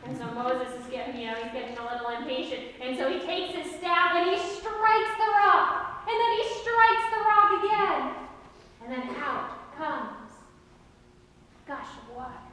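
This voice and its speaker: A woman pastor telling a Bible story in an animated sermon, acting out the voices of its people. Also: sits high, measured pace. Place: large church sanctuary. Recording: echoey hall from far off.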